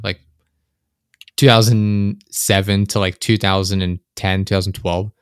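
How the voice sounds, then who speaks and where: A young man chatting casually on a podcast, rambling and animated, swearing often, close to his microphone. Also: on the low side, clear, resonant tone, no room sound. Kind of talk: casual chat. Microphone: close desk microphone.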